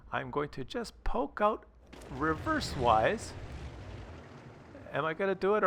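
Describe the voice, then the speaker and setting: A man narrates his gameplay in a bright, sharp-edged voice that sits a little high for a man. He talks casually, full of fillers and restarted phrases, and breaks into profane rants. Faint noise hums behind him. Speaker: gaming channel host. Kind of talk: gameplay commentary.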